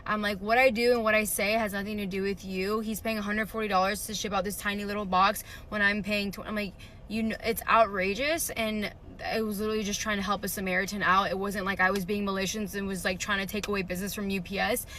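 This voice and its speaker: A woman's voice: mid-range voice, level tone, fast, a bit bright, slight background noise. A woman ranting about an argument in a casual, indignant way, full of "like" and restarts. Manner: indignant, rambling, lots of "like". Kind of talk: casual storytime rant.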